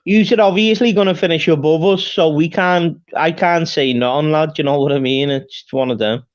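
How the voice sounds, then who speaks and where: An earnest man with a Liverpool accent chats about football in a slightly high voice, often asking you know what I mean. His sound is dull and lo-fi. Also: moderate pace. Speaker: panel guest. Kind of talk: casual football chat.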